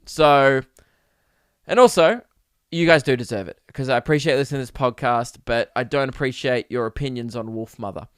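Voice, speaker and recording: A man's voice: medium pitch, moderate pace, fairly bright tone, clean tone, dry recording. A man hosting a casual solo podcast, ranting with mock outrage and mimicking singers. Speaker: podcast host.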